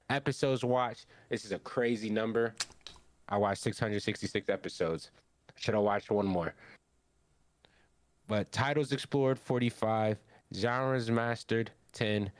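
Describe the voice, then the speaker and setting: A young man on a podcast, casually recapping an anime episode and acting out the characters' lines in an animated way. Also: medium pitch, no echo. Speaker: podcast co-host.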